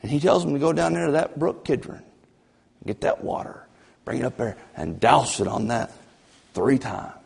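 A man preaching a fervent sermon as pastor, swinging between loud emphasis and low, drawn-out passages. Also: animated, gravelly, slightly rough. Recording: long church reverb.

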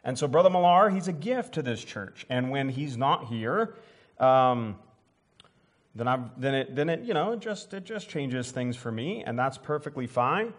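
A man's voice: mid-range voice, animated, moderate pace. A pastor preaching a sermon in his church, folksy and rambling, full of restarts, and building up to emphatic preaching. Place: church sanctuary.

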